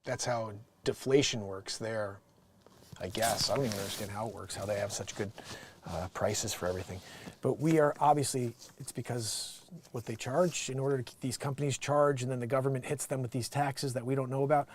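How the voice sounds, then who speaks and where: A man from New Jersey hosting a show, chatting casually and rambling with many restarts and lively swings. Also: mid-range voice, a little fast, slight background noise. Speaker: show host. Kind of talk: casual commentary.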